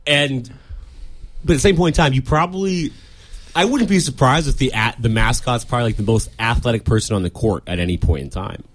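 A man's voice: mid-range voice, brisk. A man co-hosting a casual sports talk show, emphatic and fond of rhetorical questions. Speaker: podcast co-host.

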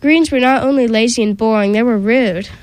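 A woman reads a children's picture book aloud as host of a radio program. Her voice sits on the higher side and is recorded close and dry. She reads gently, with a few small slips and restarts. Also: brisk, no room sound, low-quality recording. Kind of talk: storybook read-aloud on community radio.

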